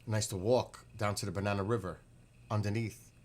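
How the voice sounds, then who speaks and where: A man's voice: lowish voice, fast. A middle-aged man from the northeastern US telling rambling, profane stories in a casual monologue. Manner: rambling, profane, animated retelling.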